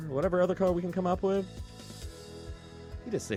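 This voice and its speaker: A man's voice: sits high, animated, fast, pauses often, faint music behind. A man around forty hosting a casual political talk show, ranting in a fired-up, profane way. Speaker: podcast host.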